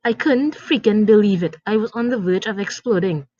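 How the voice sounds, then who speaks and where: A woman's voice: mid-range voice, moderate pace, darkish tone, no room sound. A woman reading a story aloud with dramatic, indignant storytelling, in a dry, dull lo-fi recording. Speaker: story narrator.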